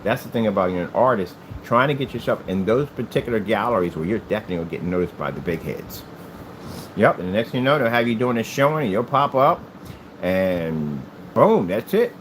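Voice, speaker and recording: Man, vlogger, emphatic and repetitive, animated pitch, faint background noise. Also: fairly quick, poor audio. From United States. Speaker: hobby crafter and channel owner. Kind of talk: rambling vlog monologue.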